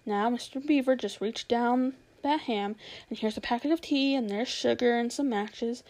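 A woman voicing a bustling, motherly female beaver who talks briskly and practically, in a storybook reading. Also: fairly high pitch, darkish tone, lightly acted, poor audio. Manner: brisk, fussing, homely.

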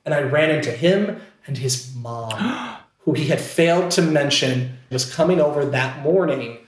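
A man's voice: on the high side, expressive, unhurried, roomy sound. A man telling a long story in casual chat, rambling, with many fillers and restarts. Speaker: podcast co-host telling a story.

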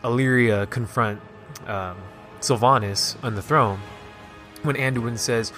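A man casually recapping a video game story, excited and rambling, with lots of "like" and restarts. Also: medium pitch, takes it slowly, soft background music. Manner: excited, rambling, heavy use of "like". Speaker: gaming video host.

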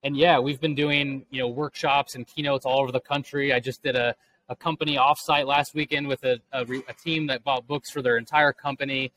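A man's voice: medium pitch, level tone, a little fast, a bit bright, poor audio. A man in his thirties, a guest author and speaker, answering earnestly in a podcast interview. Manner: earnest, motivational.

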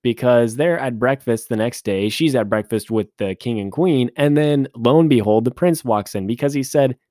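A man's voice: mid-range voice, normal speed, warm tone, no echo, studio quality. A man hosting a podcast, recapping a movie in a casual, joking way with rambling asides. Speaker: podcast host.

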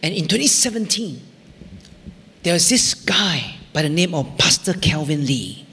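A middle-aged male pastor preaching a sermon, telling a personal story with swings from near shouts to whispers. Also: on the high side, sing-song, measured pace, long reverb tail. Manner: emotional storytelling, rising to near shouts in retold prayers, dropping to whispers.

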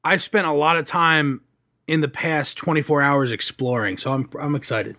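A man co-hosting a podcast in casual chat, eager and quick to push back on the host. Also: a little high, fairly even intonation, pushed and bright.

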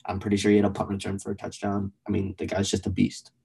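A young man co-hosting a casual sports podcast, animated and blunt, swearing casually as he argues picks. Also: sits low, fast talker, vocal fry, slightly rough. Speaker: podcast co-host.

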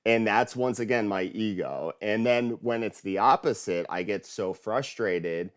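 A man's voice: fairly low pitch, measured pace. A man on a podcast in casual chat, self-mocking and earnest, who draws out the words he stresses.

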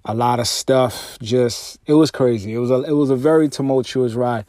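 Male podcast host, mid-range voice, dry close-mic sound, animated profane storytelling. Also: moderate pace, dry recording. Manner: animated storytelling, swearing, voice jumps high when exasperated. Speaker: podcast host and music artist. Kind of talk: casual solo podcast monologue. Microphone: podcast microphone through a mixer.

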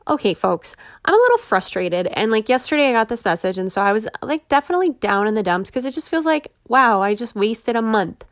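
A woman's voice: a little high, very animated, brisk, hardly any pauses, no echo, clean studio sound. A woman in her thirties hosting a podcast, talking candidly and chattily with frequent laughs, openly frustrated. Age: 30s. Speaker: podcast host. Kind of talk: personal podcast monologue.

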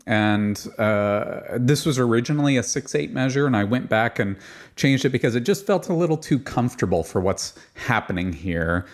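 A man's voice: mid-range voice, animated, normal speed. A man, a composer, explaining his choral writing in an interview, thoughtful and explanatory. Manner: demonstrates rhythms by chanting and singing them. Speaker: composer guest. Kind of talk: interview about choral music.

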